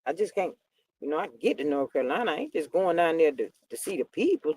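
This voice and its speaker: A woman's voice: low voice, big pitch swings, fast talker, darkish tone, husky, no echo. An older woman hosting a casual celebrity gossip stream, chatty and drawling as she talks to her viewers. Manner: chatty and drawling, acts out quoted people in voices.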